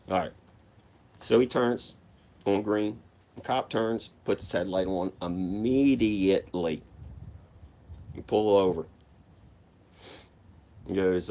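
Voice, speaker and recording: In a low voice and at a measured pace, a man casually recounts a wild story from his own life. He pauses often, and the telling is profane, rambling and animated, packed with acted-out quotes.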